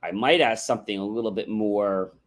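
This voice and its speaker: A man's voice: fairly low pitch, a little fast. Man teaching on a livestream. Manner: instructive, contrasts yes-no questions with open ones; rhetorical, often adds "right?". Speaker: livestream host. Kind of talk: motivational livestream talk. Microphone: livestream microphone.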